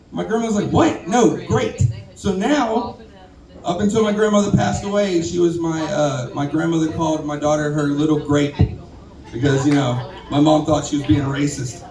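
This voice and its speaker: A man's voice: a little high, fairly even intonation, normal speed, darkish tone. A man, telling stand-up stories in a laid-back drawl on a saloon stage. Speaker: stand-up comic. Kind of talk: stand-up comedy set. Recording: roomy bar recording from far off with crowd.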